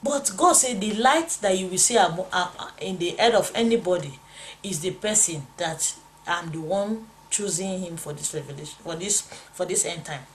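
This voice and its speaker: A woman's voice: lowish voice, expressive, moderate pace, a little hiss or hum. A woman preaching a testimony, fervently acting out voices of God and the devil as she recounts a vision. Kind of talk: testimony sermon.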